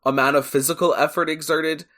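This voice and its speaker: A podcast co-host chatting casually, with animated, joking and incredulous storytelling. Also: medium pitch, a little fast. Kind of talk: casual chat.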